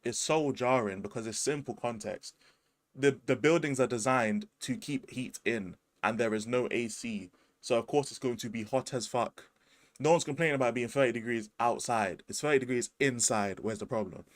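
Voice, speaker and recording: A man's voice: mid-range voice, normal speed, dry recording. A man with a London accent hosting a casual livestream chat, laid-back and slangy, swearing often. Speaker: streamer host.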